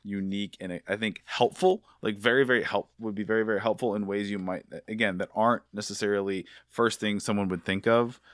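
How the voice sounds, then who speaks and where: Lower-voiced man hosting a podcast. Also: fairly even intonation, brisk, hardly any pauses, no room sound, studio quality. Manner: enthusiastic, chatty, with filler words. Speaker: podcast host. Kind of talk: casual podcast interview. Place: podcast studio.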